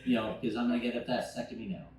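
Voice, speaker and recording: Rambling young stand-up comic in an echoey bar. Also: male voice, mid-range voice, level tone, racing, gravelly, heavy background noise. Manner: loose, rambling, swearing, acting out scenes with shouted quotes. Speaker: stand-up comedian. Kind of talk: stand-up storytelling. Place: bar stage. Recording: echoey bar room from far off.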